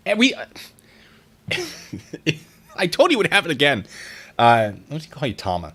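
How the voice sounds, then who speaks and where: A man's voice: mid-range voice, huge pitch swings, moderate pace, pauses often, fairly bright tone. A man streaming live, reading reader stories aloud and reacting to them and to chat in a chatty, wry way. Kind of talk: casual live-stream commentary.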